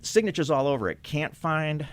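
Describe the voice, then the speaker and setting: A man, a guest filmmaker, telling animated stories in conversation, acting out the voices of the people he quotes and laughing often. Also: a little high, normal speed, no room sound. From Michigan.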